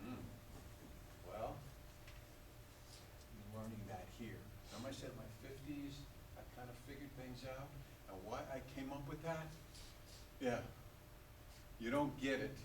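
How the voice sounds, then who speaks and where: An older man with a New York accent giving an animated, joking motivational talk to students at a school graduation. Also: mid-range voice, measured pace, pauses often, background noise. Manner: animated, joking, asks the audience to call back. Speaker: guest speaker at a school graduation. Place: school hall. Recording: echoey hall from far off.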